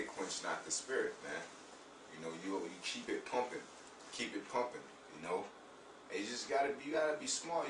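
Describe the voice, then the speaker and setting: Casual male talker, low voice, lively and profane, echoey room sound with faint noise. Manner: animated, profane, repeats "you know what I'm saying". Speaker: religious discussion host. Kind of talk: casual spiritual talk. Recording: roomy echo, far from mic, faint noise.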